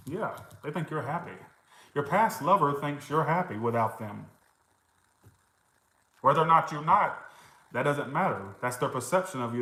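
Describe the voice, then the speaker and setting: A man's voice: mid-range voice, a bit bright. Chatty man doing a tarot reading in an echoey room. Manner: chatty, reacts to comments, swears and laughs. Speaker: tarot reader. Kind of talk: casual tarot reading livestream.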